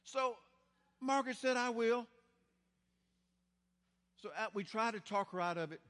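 Older preacher guy, high voice, slow and folksy, big church echo. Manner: storytelling, folksy, dramatic swings in loudness. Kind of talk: sermon. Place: large church. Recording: church hall with long reverb.

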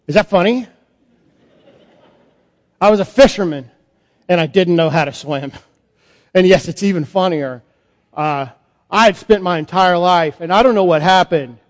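A man, a priest, performing a first-person Bible monologue in a sermon, conversational and halting with fillers. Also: high-pitched. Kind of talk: dramatic monologue as Peter in a sermon. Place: church sanctuary. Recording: long church reverb.

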